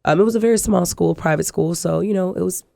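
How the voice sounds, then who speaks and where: A middle-aged woman, a guest telling her life story in an interview, animated and acting out the voices in her quotes. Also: lowish voice, fast, gravelly, no room sound, studio quality.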